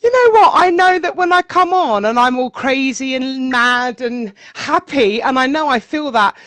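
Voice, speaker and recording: A woman DJ speaking as a guest in a casual interview, animated and emotional, often repeating her words. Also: high voice, normal speed.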